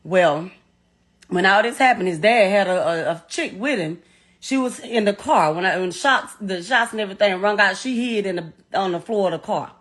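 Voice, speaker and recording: A middle-aged woman telling a painful story as a mother, in a blunt, halting way full of profanity. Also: medium pitch, a bit bright. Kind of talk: emotional first-person account.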